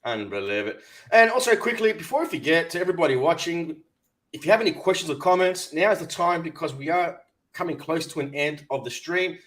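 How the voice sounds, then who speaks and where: A man co-hosting a live crypto stream, reading viewer comments and giving upbeat shout-outs. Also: a little high, lively intonation, a little fast. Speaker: co-host reading live chat. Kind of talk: casual live-stream chat.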